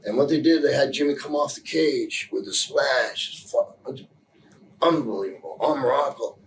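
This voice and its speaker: A man giving a candid interview, telling a story in a rambling, halting way with many restarts, earnest and emotional in places. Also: medium pitch, low-quality recording. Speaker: interview guest.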